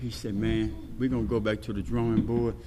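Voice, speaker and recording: A man telling his recovery story at a meeting, with rhythmic lists and swings between shouting and hushed talk. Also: fairly low pitch, level tone, brisk. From Texas. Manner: preaching, rhythmic lists, shouts and laughs early, quiet and hushed later. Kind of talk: personal testimony at a speaker meeting. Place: meeting hall. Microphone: podium microphone. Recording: hall reverb, faint noise.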